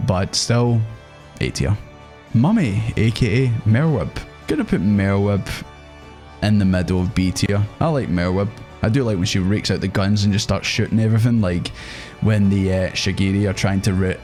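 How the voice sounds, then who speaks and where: A man's voice: lowish voice, a little mellow. A young man chatting casually and animatedly as he ranks game characters, swearing now and then. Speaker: gaming video host. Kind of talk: casual tier-list commentary.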